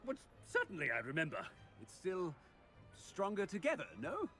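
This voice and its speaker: A man's voice: high-pitched, huge pitch swings, normal speed, a bit bright, soft background music, full character voice. An actor playing a young wizard posing as a haughty headmaster in a video game, blustering to cover his slips.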